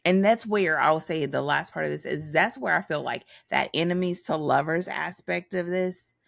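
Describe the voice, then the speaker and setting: A woman's voice: sits low, moderate pace, vocal fry, no echo, clean studio sound. A woman co-hosting a podcast, chatting casually and animatedly about a book, with slangy asides and frequent laughs. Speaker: podcast co-host.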